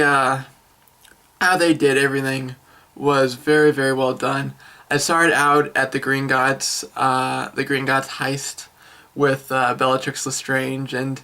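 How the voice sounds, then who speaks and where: A young man of eighteen giving an excitable, rambling film review vlog with many fillers and restarts. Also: mid-range voice. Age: young adult.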